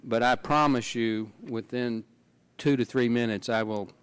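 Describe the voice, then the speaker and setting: A man's voice: medium pitch, steady tone, unhurried, smooth. A man making folksy, joking remarks in a formal committee hearing. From Texas. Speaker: committee member.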